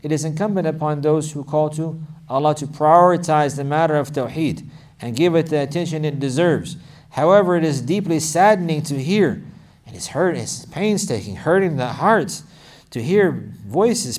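A man's voice: on the high side, normal speed, darkish tone, recorded from a distance. A man teaching a religious lesson who repeats phrases for emphasis and rises to intense, emphatic passages. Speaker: Islamic teacher. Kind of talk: religious lesson with Arabic quotes.

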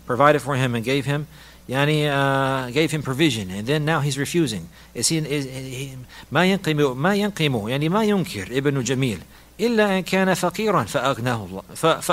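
An Islamic teacher with a mid-range, slightly bright male voice teaches a lesson on a hadith and Arabic rhetoric. He repeats key phrases, weaves in Arabic terms, and laughs lightly.

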